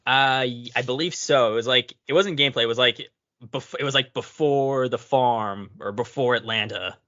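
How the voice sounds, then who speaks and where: Bright-voiced man, relaxed guest. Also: medium pitch, moderate pace. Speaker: podcast guest. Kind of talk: casual chat. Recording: dull lo-fi audio.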